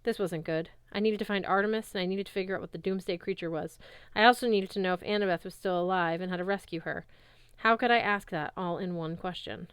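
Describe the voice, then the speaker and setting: A woman reading a novel aloud in first person, with lively narration. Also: lowish voice, fast, clean tone, no room sound. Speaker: reader.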